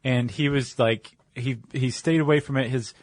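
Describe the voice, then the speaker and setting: A man co-hosting a chatty podcast, rambling along with plenty of "like" and "um." His voice is mid-pitched and sounds very dry and close to the mic. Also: fairly even intonation, moderate pace, no echo. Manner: loose, rambling, full of "like" and "um". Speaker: podcast co-host. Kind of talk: casual chat.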